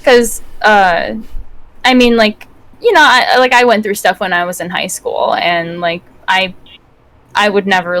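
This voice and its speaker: A woman co-hosting a casual podcast chat, talking in a chatty, animated way with many fillers. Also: mid-range voice, low-quality recording. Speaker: podcast co-host.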